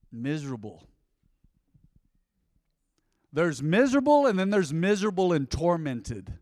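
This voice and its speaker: A man's voice: on the high side, no room sound, studio quality. A man preaching a sermon to his congregation in a conversational, playful way with asides. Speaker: pastor. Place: church before a congregation.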